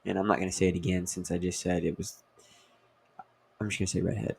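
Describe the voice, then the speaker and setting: A young man with a very low, gravelly voice, drifting through a loose comedy monologue. He keeps stopping to correct himself and stacks up ums and you-knows as he goes. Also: level tone, fast talker. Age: young adult. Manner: meandering, filler-heavy, self-correcting. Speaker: comedian host. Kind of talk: casual rambling monologue.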